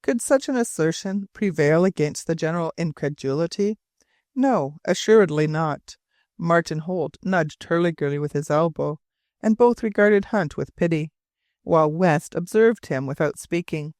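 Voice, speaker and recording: A man narrating a classic adventure novel in a measured, formal storytelling manner. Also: fairly high pitch, darkish tone, dry recording, studio quality. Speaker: audiobook narrator. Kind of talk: scripted narration.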